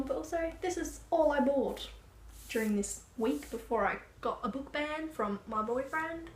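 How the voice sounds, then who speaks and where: A young Australian woman with a fairly high voice chats about books in a loose, rambling way, full of "like" fillers. She is recorded in an echoey room with a faint hiss of noise underneath. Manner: chatty, rambling, with frequent "like" and laughs. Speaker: book vlogger. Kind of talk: casual chat.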